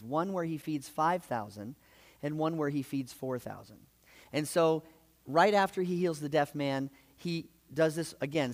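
A man with a slightly higher voice delivers a sermon in a big hall, and his words trail off into a long reverb. He tells the stories casually and lively, full of asides and self-corrections, as a preacher talking to his congregation. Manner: lively storyteller, conversational with frequent asides. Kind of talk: sermon retelling gospel stories.

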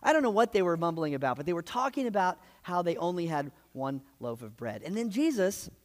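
Male preacher, sermon, lively conversational storytelling, slightly raised pitch, long hall reverb. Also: fairly quick. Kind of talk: sermon retelling gospel stories.

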